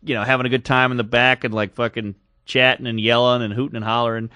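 Bright, rambling male podcast storyteller. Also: medium pitch, level tone, fast, clear, resonant tone, no echo, clean studio sound. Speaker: podcast co-host. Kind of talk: casual comedic storytelling.

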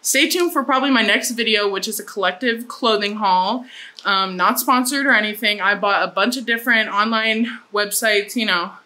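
A woman's voice: mid-range voice, normal speed, pushed and bright. A young woman chatting casually in a personal vlog, candid and loose, swearing now and then. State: out of breath after a workout. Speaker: vlogger.

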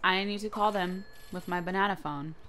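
A young woman hosting a gaming channel, giving excitable, playful let's-play commentary with frequent squeals and giggles. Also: fairly low pitch, moderate pace.

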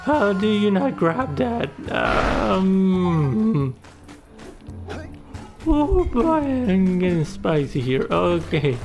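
A man's voice: high voice, sing-song, very slow, gravelly. A man giving profane, exclamatory commentary while playing a video game. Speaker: gaming YouTuber. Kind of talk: let's play commentary. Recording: game music playing behind the voice.

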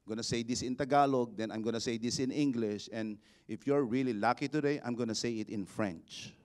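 A man, a bishop preaching a sermon, building to shouted exhortations and leading the congregation in call-and-response. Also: mid-range voice, brisk. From Philippines.

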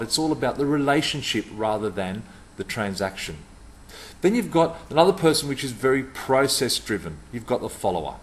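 A middle-aged man giving a punchy, emphatic talk to camera about customer service, repeating words for stress. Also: medium pitch.

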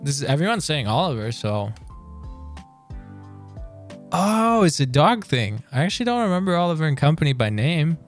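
A man streaming live and chatting casually through a quiz, excitable and quick to swear as he reads lyrics aloud. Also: a little high, faint music behind.

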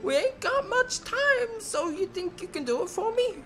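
A man's voice: very high voice, sing-song, normal speed, sharp tone, pitched above the performer's own voice, exaggerated voice. A man voicing a friendly young male ranch hand in a game, with a wavering put-on country drawl and folksy talk. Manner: folksy, says bud and y'all. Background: game music.

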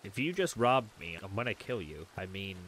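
A man hosting a video game playthrough in a casual, goofy, joking way, breaking into sudden excited yelps. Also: lowish voice, moderate pace, a little hiss or hum. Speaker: host. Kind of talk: casual gameplay commentary.

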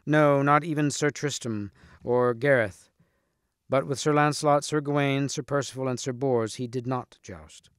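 Smooth-voiced man reading a storybook. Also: medium pitch, dry recording, studio quality. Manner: measured, expressive. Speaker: reader. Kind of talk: storybook read-aloud.

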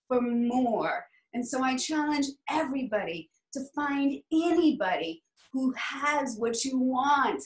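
Woman, faint Southern accent, higher voice, heartfelt and rambling, echoey room. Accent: Southern American, mostly hidden. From American South. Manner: heartfelt, rambling, says y'all. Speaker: club speaker. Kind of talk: emotional personal speech.

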